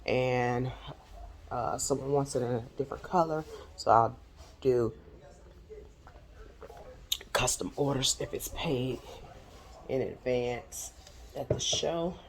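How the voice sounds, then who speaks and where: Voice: mid-range voice, slow, long pauses, a little hiss or hum. A crochet vlogger chatting casually and rambling aloud, out of breath as they talk through their market prep. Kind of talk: casual chat.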